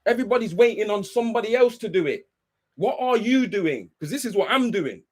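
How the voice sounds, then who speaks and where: A high, husky, slightly mellow male voice with lively intonation moves briskly through a livestream rant. The host is worked up, says so, swears, preaches, and keeps checking whether you understand.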